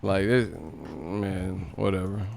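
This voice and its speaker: A young man from Northern California hosts a casual live stream, slangy and profane, mocking things with put-on voices and laughter. His voice is deep, gravelly, and a little mellow, with a level tone and slow pace, plus a slight hiss or hum.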